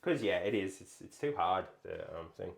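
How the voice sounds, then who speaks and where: A man's voice: low-pitched, lively intonation, moderate pace, vocal fry. A man hosting a live cooking stream, explaining each step casually with a lot of hesitant ums. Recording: roomy kitchen echo.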